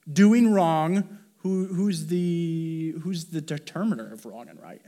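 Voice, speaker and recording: A man's voice: a little high, slow, warm tone. A male pastor delivering a conversational sermon, asking the congregation questions and pressing his points with emphasis. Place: church sanctuary.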